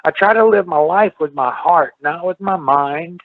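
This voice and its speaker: A middle-aged man, a former wrestler and guest on the show, telling rambling, animated stories on a phone call. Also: a little high, normal speed, dry recording. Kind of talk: storytelling interview. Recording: tinny phone line.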